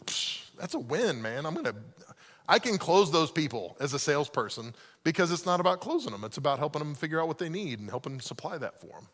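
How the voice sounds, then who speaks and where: A man's voice: fairly high pitch, big pitch swings, fast talker, a bit bright. A man giving a casual, self-deprecating teaching talk at a church leadership night, full of stories. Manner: self-deprecating, conversational, laughs often. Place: church hall. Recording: long reverb of a large hall.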